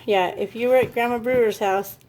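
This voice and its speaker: A woman's voice: a little high, steady tone, brisk, darkish tone. A woman hosting a casual family vlog, gushing and encouraging in a motherly way. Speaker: family vlog host, parent.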